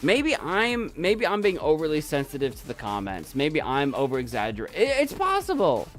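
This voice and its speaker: Streaming from his desk at home, a young man chats casually, rambling, doubting himself and repeating his points. His voice runs on the high side with wildly swooping pitch at a moderate pace. Soft music plays in the background.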